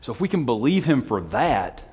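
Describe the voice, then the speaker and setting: A man's voice: mid-range voice, big pitch swings, moderate pace, darkish tone, husky. A man preaching a casual sermon to a small group, conversational, asking the room questions and chuckling. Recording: long hall reverb.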